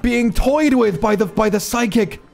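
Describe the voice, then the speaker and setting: High-voiced excited male game commentator. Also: measured pace, creaky, soft background music. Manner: hyped, swears casually. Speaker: tournament commentator.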